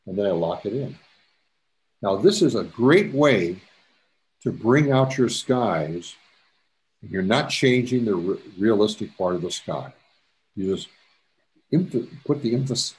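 A man giving a step-by-step photography tutorial, his pitch leaping up and dropping down as he explains. He's chatty and patient, restarting phrases and slipping in jokey asides. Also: very animated, unhurried, long pauses. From Canada. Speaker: photography instructor. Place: presentation to a camera club.

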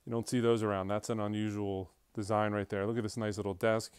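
A man's voice: on the low side, flat delivery, fast, a little mellow, clear, resonant tone, dry recording, clean studio sound. A man from an auction house narrating a casual walkthrough video of a large showroom, chatty and enthusiastic, with frequent fillers and restarts.

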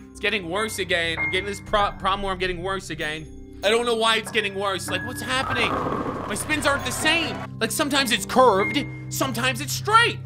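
A man giving casual gaming commentary, excitable, often shouting and swearing in frustration. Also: high-pitched, fairly quick, music in the background. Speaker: gaming YouTuber.

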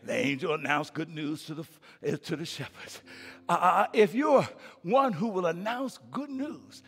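Gravelly, high-voiced preaching pastor. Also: male voice, measured pace. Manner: preaching with call-and-response, building to shouted peaks; repetitive, emphatic phrasing. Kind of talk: live sermon. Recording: reverberant live church hall.

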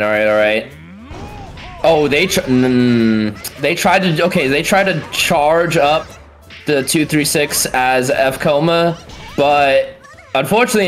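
A tournament commentator doing excited fighting game play-by-play, yelling and swearing at big moments, then breaking the action down quickly in between. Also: medium pitch. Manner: explosive yelling and swearing, frequent exclamations; calmer fast breakdowns between outbursts.

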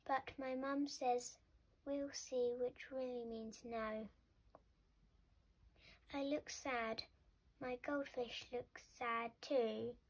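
A woman reading a children's picture book aloud, expressive and sometimes dropping to a whisper. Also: on the high side, very slow, pauses often, poor audio. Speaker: storybook reader. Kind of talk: children's story read-aloud.

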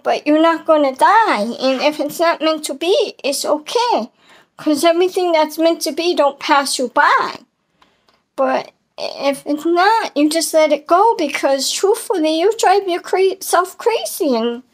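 A middle-aged woman talks straight to her viewers in a casual vlog. She is chatty and heartfelt, and she keeps encouraging herself in a high, bright voice. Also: measured pace. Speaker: vlogger.

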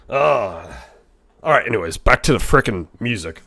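Goofy raspy young man streaming. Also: fairly low pitch, animated, moderate pace. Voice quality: raspy, grainy. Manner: goofy, loud, swings to shouting. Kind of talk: casual live-stream chat.

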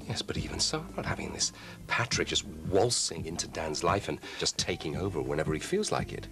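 A man's voice: extremely low pitch, very animated, brisk, vocal fry, full character voice. A fussy, fretful father. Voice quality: fretful, prim. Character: fussy, anxious separated father. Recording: TV score behind the speech.

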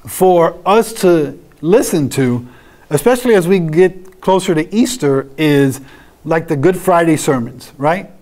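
A man's voice: high voice, darkish tone. A man teaching a church doctrine class in a conversational way, asking his listeners questions and answering them. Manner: conversational, asks rhetorical questions.

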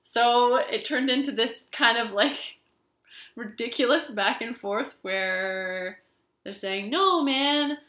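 Woman vlogger, reflective storytelling, bright voice, mid pitch, "you know" fillers, echoey room. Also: measured pace.

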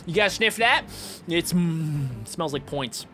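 A young man commenting on a Minecraft game as a gaming YouTuber, excitable and jokey, with sudden high yelps. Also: measured pace. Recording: game music playing clearly behind.

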